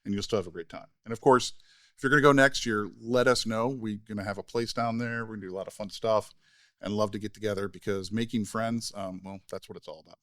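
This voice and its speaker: Podcast co-host, male, low register, animated storyteller, dry booth sound. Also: quick pace, no room sound. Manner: animated storyteller, acts out quoted voices. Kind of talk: casual podcast chat.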